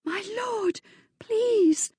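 A woman voicing a frightened but defiant young lady in a storybook, her voice pitched high and strained. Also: animated, measured pace, mellow, husky, no room sound, studio quality. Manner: high, strained, pleading then firm.

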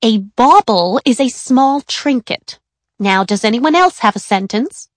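A woman voicing a strict schoolteacher who speaks briskly and sternly to her class. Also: fairly high pitch, expressive, dry recording. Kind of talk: audiobook character voice.

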